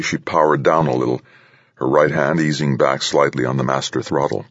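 A male audiobook narrator with an extremely deep, husky voice. He reads in a steady, dramatic way, the sound dry and a little dull. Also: moderate pace, dry recording. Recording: dull, dry studio read.

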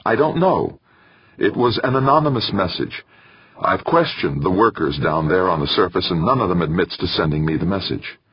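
A man's voice: sits low, animated, normal speed, slightly rough, no echo, lo-fi sound, voice pushed up. A man reading an indignant, hot-tempered scientist. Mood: defensive. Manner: sharp, indignant retorts.

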